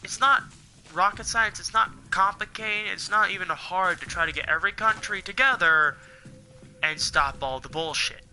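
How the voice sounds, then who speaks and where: A man's voice: high-pitched, moderate pace, sharp tone, faint music behind. A young man ranting heatedly to his viewers, swearing a lot and rambling as he vents. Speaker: gaming channel host. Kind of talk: angry ranting monologue.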